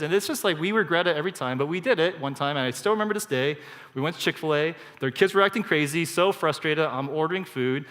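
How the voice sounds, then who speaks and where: A man preaches a casual, storytelling sermon. His voice sits at an ordinary middle pitch and carries long reverb from a church hall. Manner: conversational, storytelling with animated quoted asides. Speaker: pastor.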